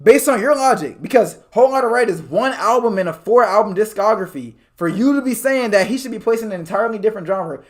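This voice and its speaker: A young man presses his point quickly and insistently. He talks in a high voice and keeps building one argument on the next. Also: lively intonation. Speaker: podcast host. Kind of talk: casual debate.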